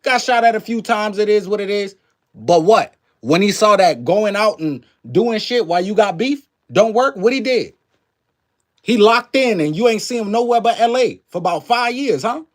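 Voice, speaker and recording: A man with a high-pitched voice rants to a live chat, preachy and emphatic, full of slang and swearing. He keeps firing rhetorical questions at his viewers. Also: animated, normal speed. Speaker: livestream commentary host. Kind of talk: casual ranting commentary to a live chat.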